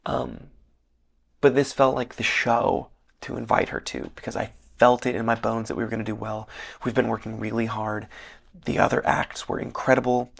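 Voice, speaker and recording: Young male podcast host, hoarse, low and heavily gravelly, earnest rambler. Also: fairly even intonation, normal speed. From Northern Michigan. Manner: rambling, filler-heavy, earnest. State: losing his voice, slightly hoarse. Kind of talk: casual solo podcast monologue. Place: hotel room.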